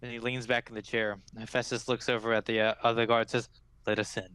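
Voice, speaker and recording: A man's voice: medium pitch, level tone, fairly bright tone, clear, resonant tone, dry recording. Man narrating as game master, dry sound. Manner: halting, filler-heavy narration.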